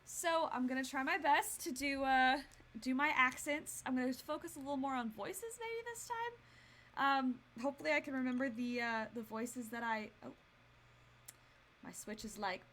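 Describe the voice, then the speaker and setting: A woman's voice: high voice, moderate pace, fairly bright tone, a little hiss or hum. A woman in her twenties streaming a video game, chatting casually and rambling with lots of fillers. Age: 20s. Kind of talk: casual gameplay commentary.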